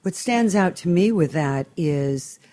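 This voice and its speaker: Woman interviewer, deep voice, mellow tone, emphatic, conversational. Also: lively intonation, takes it slowly. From Southern California.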